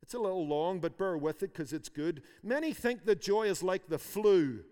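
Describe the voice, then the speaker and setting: A man's voice: sits high, animated, normal speed, darkish tone, long reverb tail. A man preaching a sermon, emphatic, repeating phrases for force. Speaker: pastor.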